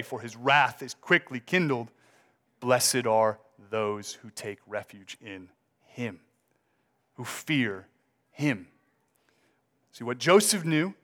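A man preaching a sermon, reading scripture and rising emphatically on key words before slowing down to let them land. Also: medium pitch, a bit bright. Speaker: pastor.

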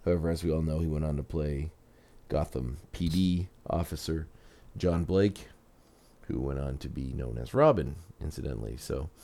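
A man's voice: rumbling low, moderate pace, gravelly, mellow, a little hiss or hum. A man hosting a podcast, chatting casually with rambling restarts, then narrating a story. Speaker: podcast host.

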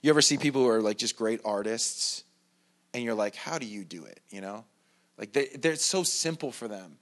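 A man's voice: medium pitch, normal speed. A male pastor preaching a sermon in a conversational, self-deprecating way, with mocking asides. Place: church.

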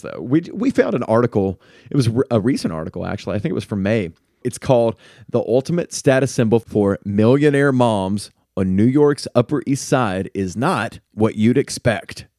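A man's voice: medium pitch, big pitch swings, brisk, a little mellow, no echo, studio quality. A man hosting a podcast in casual chat, playful and teasing. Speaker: podcast host.

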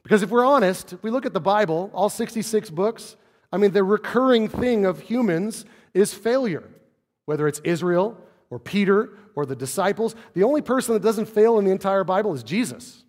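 Man, pastor, conversational sermon, slightly higher voice, long hall reverb. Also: animated, moderate pace. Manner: conversational preaching, rhetorical questions, swings from loud to soft.

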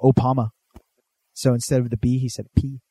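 A man's voice: mid-range voice, level tone, brisk, mellow, breathy edge, dry recording. A man co-hosting a podcast in casual chat, joking and swearing often. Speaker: podcast co-host.

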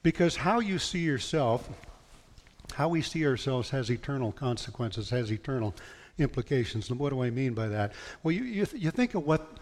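A male pastor preaching a sermon, reading scripture aloud in an earnest, emphatic way. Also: mid-range voice. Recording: long hall reverb.

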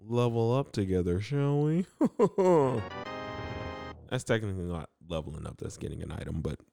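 A man's voice: deep voice, lively intonation, fast talker, creaky, dark tone, faint music behind. A man hosting a casual solo podcast, rambling upbeat and chummy with lots of fillers and self-mocking asides. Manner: upbeat, chummy, addresses listeners as man and guys. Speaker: podcast host.

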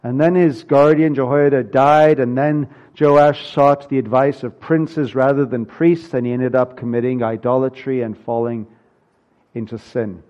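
A man preaching a sermon with earnest conviction, his delivery climbing to emphatic peaks before settling low again. His voice sits at an ordinary middle pitch. The recording sounds a little dull and lo-fi. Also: fairly even intonation, unhurried, a little mellow. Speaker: pastor.

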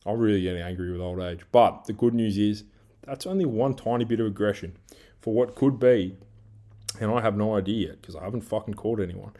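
A man's voice: on the low side, dark tone. An Australian man hosting a solo podcast, ranting angrily with lots of swearing and rambling asides. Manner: angry, heavy swearing, rambling rant; self-described big guy who coaches team training. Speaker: podcast host.

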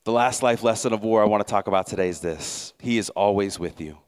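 Brief: male preacher, low voice, earnest sermon delivery with restarts. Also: fast talker, clear, resonant tone. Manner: earnest, repeats words as he builds a point. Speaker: pastor.

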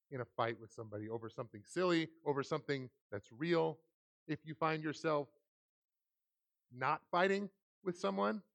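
A man in his thirties preaching a sermon in a church, animated and laughing often as he acts out quoted lines. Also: medium pitch. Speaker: pastor. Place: church hall.

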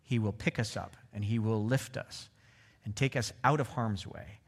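A middle-aged man preaching a sermon in a relaxed, conversational way, often checking in with his listeners. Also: fairly low pitch, moderate pace, husky. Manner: conversational, asks the audience "right?". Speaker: pastor.

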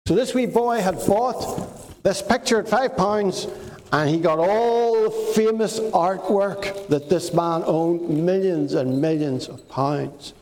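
A man, a preacher telling a story to children in a slow, dramatic storytelling sermon. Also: high-pitched, darkish tone. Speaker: preacher giving a children's talk. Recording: echoey hall, faint noise.

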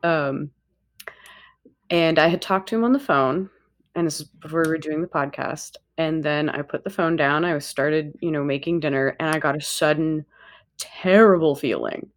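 A woman's voice: sits low, normal speed. A woman podcast host telling a story in casual chat, acting out quotes and laughing often.

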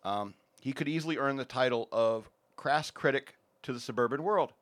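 A man hosts a loose, casual podcast. He rambles and jokes his way through sponsor reads, full of ums and asides, at an average pitch. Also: moderate pace. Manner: rambling, jokey, many fillers. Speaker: podcast host.

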